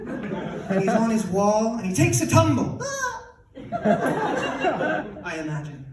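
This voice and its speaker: A man in his thirties from Canada works a comedy club stage, excitable and prone to sudden shouts. His voice sits very high and leaps around wildly as he tells his bit. The sound is roomy and distant, with a roaring crowd laughing behind him. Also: normal speed. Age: 30s. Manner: animated, excitable, bursts into shouts. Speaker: stand-up comedian. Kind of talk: stand-up comedy. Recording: echoey club from far off, loud crowd laughter. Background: audience laughter.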